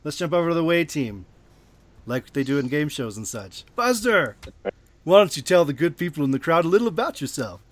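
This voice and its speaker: A man's voice: a little high, animated, a little fast, dry recording. A man hosting a casual podcast, introducing guests with playful, showman-like flair. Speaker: podcast host.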